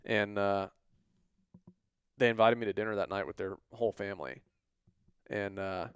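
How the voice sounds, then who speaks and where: Lively man telling a story. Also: lowish voice, moderate pace, smooth, dry recording. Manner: animated, acts out quoted voices. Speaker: podcast co-host. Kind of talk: casual storytelling.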